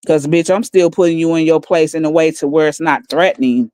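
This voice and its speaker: A woman livestreaming on her phone, taunting and mocking others in a calm, profane, smooth way. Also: deep voice, fairly quick, no echo. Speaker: livestream host. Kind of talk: casual livestream rant.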